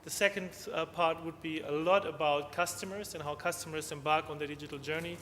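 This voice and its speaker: A man giving a conference presentation, halting, with frequent restarts and tag questions. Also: a little high, steady tone, pushed and bright. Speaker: conference speaker. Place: conference hall. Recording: long hall reverb, faint noise.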